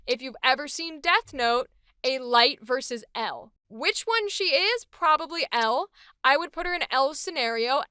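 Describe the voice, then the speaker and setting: A woman's voice: high-pitched, bright, forceful tone, clear, resonant tone, no echo, studio quality. A woman voice actress chatting enthusiastically about a character she is voicing. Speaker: voice actress hosting a character series. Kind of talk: casual chat.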